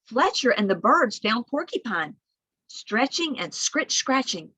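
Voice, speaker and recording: At a measured pace and with a breathy edge, a woman librarian reads aloud for a children's storytime, moving animatedly between soft whispers and high calls. No room sound can be heard.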